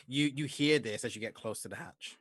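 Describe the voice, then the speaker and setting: A man narrating as game master of a tabletop role-playing game, in a soft, measured voice. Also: medium pitch, no echo.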